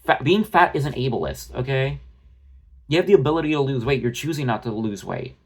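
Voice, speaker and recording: A drama commentary vlogger rants into his phone about an online creator, blunt, profane and rambling. His mid-range voice has lively intonation and runs a little fast.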